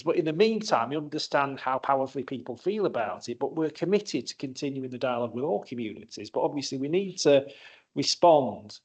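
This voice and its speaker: A man speaking as a councillor at a council meeting, earnest and measured, often saying "obviously" and "you know". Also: mid-range voice, expressive, breathy edge. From England. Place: council chamber.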